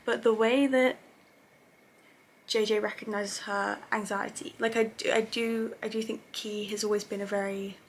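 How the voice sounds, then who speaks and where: A woman's voice: mid-range voice, flat delivery, normal speed, a little hiss or hum. Chatty young woman gushing over a show. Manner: chatty, gushing, many fillers and self-corrections. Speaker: TV review vlogger. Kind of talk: casual episode recap.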